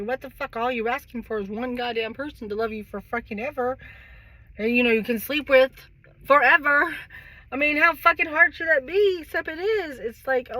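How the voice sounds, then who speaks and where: A middle-aged woman vlogger rambles through a candid personal monologue, swearing heavily, sighing often, and laughing. Her voice is high, bright, and forceful.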